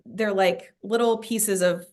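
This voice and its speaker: A woman's voice: medium pitch, fairly even intonation, slow pace, a little mellow. A woman in casual, heartfelt conversation, talking earnestly with many fillers and growing emotional.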